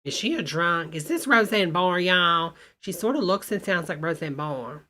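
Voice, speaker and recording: A woman's voice: lowish voice, animated, normal speed, bright, forceful tone. A woman hosting a live reaction stream, sassy and exclaiming, calling her viewers honey and y'all. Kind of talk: casual live commentary.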